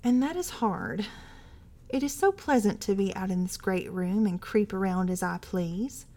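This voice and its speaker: Woman narrator, mid-pitched, dramatic storybook reader who swings between whispers and agitation. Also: a little slow. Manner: intense, shifting between hushed whispers and agitated outbursts. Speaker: library podcast reader. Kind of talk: dramatic reading of a first-person story.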